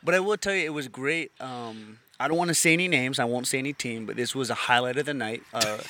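A man's voice: medium pitch, fast, background noise. A man, a rescue training instructor, telling a story in casual chat, acting out quotes and laughing often.

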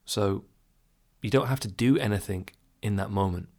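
This man's voice is on the low side and a little mellow, moving at a moderate pace. As a self-help speaker, he muses casually about overthinking, offering the listener advice while chuckling at times and voicing his own inner thoughts.

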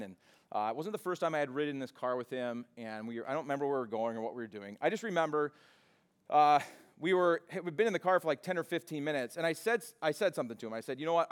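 A man preaching a sermon in a church, mixing scripture with casual storytelling and animated retellings. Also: on the high side, smooth. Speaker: pastor. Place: church sanctuary.

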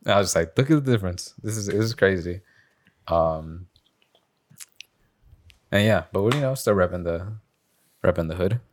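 A man's voice: low voice, lively intonation, normal speed, long pauses. A young man casually telling a story on a podcast, rambling with lots of fillers and swearing. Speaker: podcast host. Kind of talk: casual chat.

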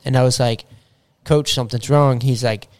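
A man's voice: medium pitch, moderate pace. A young man telling sports stories in casual podcast talk, swearing a lot and acting out what people said. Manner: swears a lot, animated retelling with quoted voices. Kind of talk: casual storytelling.

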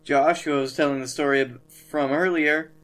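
A man's voice: fairly high pitch, steady tone, normal speed, a bit bright, faint music behind. A man co-hosting a casual podcast, trading dry jokes and wisecracks. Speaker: podcast co-host.

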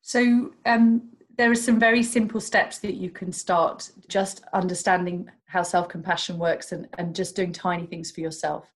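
A woman with a fairly low voice speaks as a podcast guest. She explains calmly and gently, with a warm coaching patience. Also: moderate pace, few pauses, low-quality recording. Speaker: guest, doctor and self-compassion coach. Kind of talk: podcast interview.

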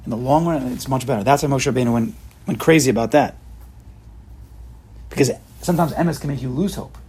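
A man's voice: mid-range voice, a little fast, a little mellow, slight background noise. A man giving an emphatic, repetitive Torah lecture, mixing in Hebrew and Yiddish terms. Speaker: Torah teacher.

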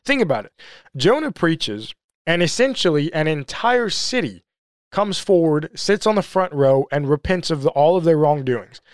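A man's voice: on the high side, sing-song, normal speed, clean tone, no room sound, clean studio sound. A man giving a sermon-style Bible study talk, earnest and emphatic, who asks rhetorical questions and leans hard on repeated phrases. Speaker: Bible teacher.

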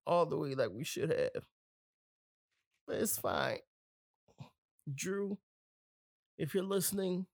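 A man's voice: fairly high pitch, vocal fry, no echo. Laid-back New Orleans man, dry sound. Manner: laid-back, joking storyteller with slang. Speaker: podcast host. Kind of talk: casual podcast chat.

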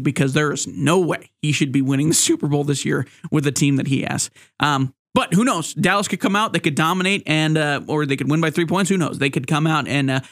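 A man hosts a one-person sports podcast, his voice sitting a bit high for a man. He rambles through his points with fillers and restarts, slipping in playful jokes and asides. The sound is dry, with no room echo. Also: a bit bright. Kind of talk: solo sports commentary podcast.

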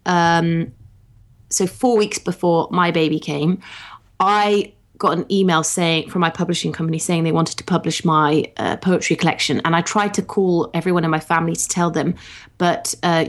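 Chatty, giggly woman with a lowish voice. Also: vocal fry. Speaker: podcast co-host. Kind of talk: casual chat.

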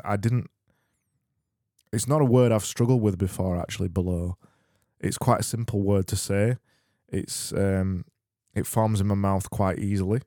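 Deadpan podcast host. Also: male voice, fairly low pitch, normal speed, pauses often, no room sound, studio quality. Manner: deadpan, rambling and self-mocking, with stumbles. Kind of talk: comedic podcast monologue.

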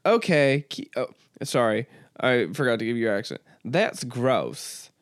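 A man's voice: mid-range voice, expressive, fairly quick, clear, resonant tone, dry recording, clean studio sound. Rambling, crude male podcast host. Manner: rambling, filler-heavy, crude and joking. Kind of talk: casual comedic monologue.

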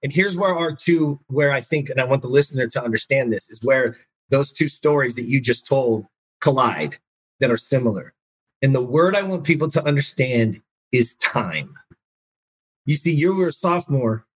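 A man's voice: medium pitch, moderate pace, breathy edge. A man hosting a podcast who tells personal stories emphatically and keeps checking in with his listener. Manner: emphatic storyteller, keeps asking "right?". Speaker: podcast host. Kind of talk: motivational podcast conversation.

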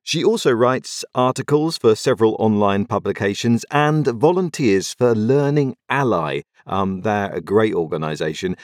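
A man hosting a story podcast, introducing the episode in a relaxed way with small fillers. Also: lowish voice, dry recording, studio quality. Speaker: podcast host. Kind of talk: casual show introduction.

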